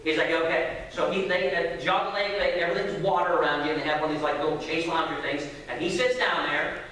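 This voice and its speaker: A man preaching, telling a family story with lively acted-out voices. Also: fairly high pitch, fairly quick. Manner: animated storyteller acting out voices. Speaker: pastor. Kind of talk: sermon storytelling. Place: church sanctuary. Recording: echoey hall from far off.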